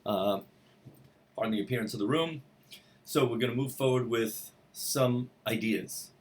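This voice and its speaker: Slow-talking bass voice teacher. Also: male voice. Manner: explains slowly, then breaks into sung vocal exercises. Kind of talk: singing lesson. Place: room.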